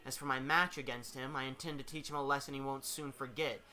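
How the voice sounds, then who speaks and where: A man voicing a proud young female magic user, speaking low and menacing. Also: fairly even intonation, fast, pushed and bright.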